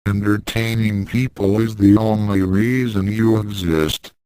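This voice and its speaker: A man's voice: fairly low pitch, steady tone, unhurried, a little mellow, smooth, no room sound, close to an everyday voice, rough recording. A man voicing a smug invisible talking cat. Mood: mocking. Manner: condescending, dry and mocking. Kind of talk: audiobook reading of fan fiction.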